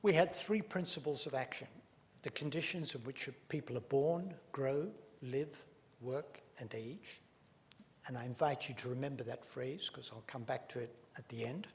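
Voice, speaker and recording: Gravelly man giving a lecture. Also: mid-range voice, normal speed. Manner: emphatic and wry, stressing key words. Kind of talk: public lecture. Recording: dull reverberant hall recording with faint hum.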